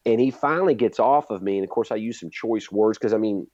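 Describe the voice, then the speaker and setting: A middle-aged martial arts instructor, appearing as a guest, tells a vivid story and acts out his own reactions. His voice is low-ish, dark and fast, captured dry with no echo on a dull, lo-fi recording.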